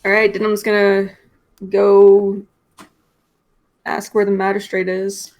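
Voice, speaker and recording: A woman's voice: medium pitch, monotone, unhurried, a little mellow. A woman playing in a tabletop game, chatting casually and explaining her party's actions. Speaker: player.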